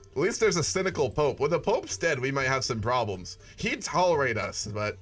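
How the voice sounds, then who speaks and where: Casting note: man, mid-pitched voice, loose cursing let's-play commentary with a wry edge. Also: big pitch swings, moderate pace, fairly bright tone, faint music behind. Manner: profane, wry asides. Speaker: gaming video creator. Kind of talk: casual gameplay commentary.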